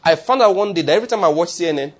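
A man delivering a sermon, pressing his points hard and circling back to repeat key lines for emphasis. His voice sits a touch high and has a husky edge, and he trips over a word now and then. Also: animated, very fast. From not from the United States. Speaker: preacher.

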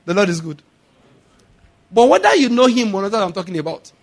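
A man preaching a sermon, laughing often and building to shouted declarations. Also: high voice, sing-song, brisk, vocal fry.

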